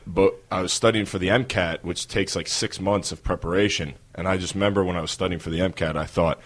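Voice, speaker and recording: A man with a New York accent, a wrestler telling stories as a podcast guest in a relaxed way with many fillers. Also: low-pitched, quick pace. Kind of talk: casual interview talk.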